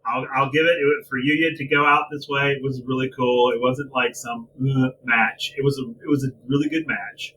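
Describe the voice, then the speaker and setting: A man's voice: mid-range voice, fairly even intonation, moderate pace, few pauses, sharp tone, recorded from a distance, a little hiss or hum, low-quality recording. A man co-hosting a casual podcast, ranting animatedly and swearing freely about a wrestling show. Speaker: podcast co-host. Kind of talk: casual wrestling review chat.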